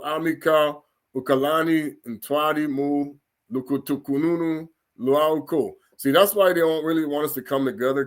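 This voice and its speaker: A man giving an informal scripture lesson, sounding out foreign words syllable by syllable and breaking into chatty, laughing asides. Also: a little high. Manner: laughs and gets animated in asides. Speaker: religious teacher.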